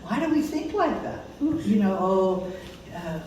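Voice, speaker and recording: A woman's voice: medium pitch, sing-song, a little slow, a little mellow, a little hiss or hum. An older woman giving an informal, conversational teaching talk to a small group, laughing often as she speaks. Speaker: course teacher. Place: conference room. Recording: echoey room, mic far off.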